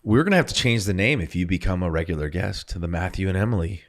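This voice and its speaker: A man's voice: low voice, quick pace, no room sound, clean studio sound. A middle-aged man hosting his podcast, upbeat and enthusiastic, reading an ad and chatting with a guest. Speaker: podcast host. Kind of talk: casual chat and read ad.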